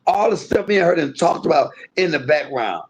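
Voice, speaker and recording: A man hosting a livestream, venting in an aggrieved rant that swings between loud outbursts and low muttering. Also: lively intonation, fairly quick, breathy edge. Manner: swears freely, talks straight to viewers. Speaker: livestream host.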